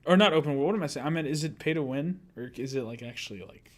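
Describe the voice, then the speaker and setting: This young man's voice is fairly high and his pace is quick. Co-hosting a laid-back podcast chat, he laughs a lot and tends to trail off with filler words.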